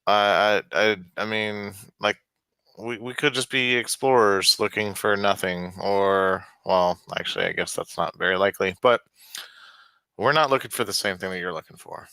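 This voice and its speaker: A man plays a tabletop game over voice chat in casual talk, hesitant and stammering. His voice is smooth, resonant and bright. It is recorded dry on a computer mic. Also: on the low side, normal speed, no echo. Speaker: player. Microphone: computer mic over online voice chat.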